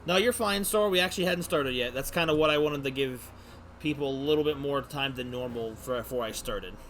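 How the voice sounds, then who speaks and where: A man's voice: mid-range voice, brisk, a bit bright, slight background noise. A man streaming a video game, chatting casually, chuckling often and reacting to what he reads on screen. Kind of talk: casual gaming commentary.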